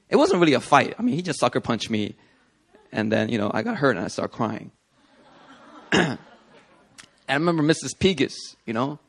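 A man giving a Christian sermon-style video talk, telling personal stories in an animated, conversational way. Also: on the high side. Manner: animated storytelling, conversational with fillers. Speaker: Christian teacher.

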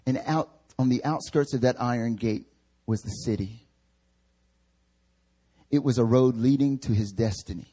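A young male pastor preaching a sermon in a casual, slangy, animated way. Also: medium pitch, moderate pace, long pauses, breathy edge.

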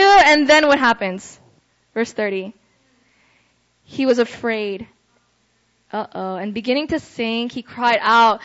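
A young woman gives a relaxed, conversational sermon in a fairly high voice, tossing in frequent "right?" check-ins as she talks. The recording sounds a bit dull and lo-fi, with the top end muffled. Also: slow pace, long pauses. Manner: chatty, ends phrases with "right?". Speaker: preacher. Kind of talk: casual youth sermon.

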